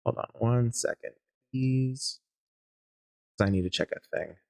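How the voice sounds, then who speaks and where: A man hosting a gaming channel, giving casual gameplay commentary in a low-key, hesitant, apologetic way. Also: takes it slowly, vocal fry, darkish tone.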